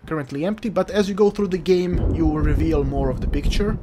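This let's-play gamer, a Croatian native speaker, has a voice on the high side and talks fairly quickly. He rambles and cracks jokes through a horror game, answering back to it, with game music in the background.

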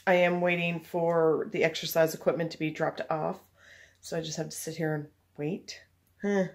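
Chatty, husky mom vlogging. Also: female voice, on the low side, dry recording. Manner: chatty, laughs often. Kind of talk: casual vlog talk to camera.

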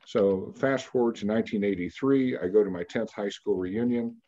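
Man, 60s, from Kansas, interview guest: low warm voice, measured storyteller, muffled lo-fi sound. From Kansas, United States. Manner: measured, anecdotal storyteller who pauses on fillers.

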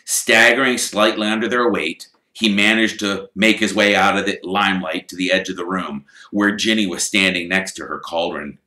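A man narrating a storybook in an animated, expressive way. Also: low-pitched, moderate pace, few pauses, echoey room, poor audio. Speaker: audiobook reader. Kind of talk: storybook reading.

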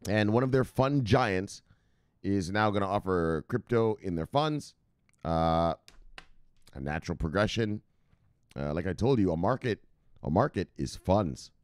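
A man's voice: low voice, expressive, a little slow, pauses often, dry recording. An American man hosting a crypto news show in casual, profane, rambling commentary with mock dramatic voices.

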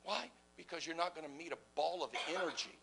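A man preaching a passionate sermon, asking rhetorical questions and swinging between loud exclamations and hushed whispers. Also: fairly high pitch, fairly quick, vocal fry, background noise. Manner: asks the audience rhetorical questions.

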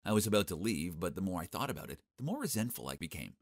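A young man narrating a first-person animated story in a cocky, sarcastic, expressive way. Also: sits low, fast talker, no room sound, studio quality.

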